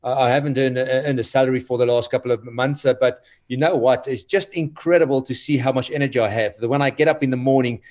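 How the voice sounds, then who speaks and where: A man's voice: mid-range voice, fairly even intonation, darkish tone. Earnest man. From South Africa. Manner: earnest, motivational, halting. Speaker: guest, former rugby player. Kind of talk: casual interview chat.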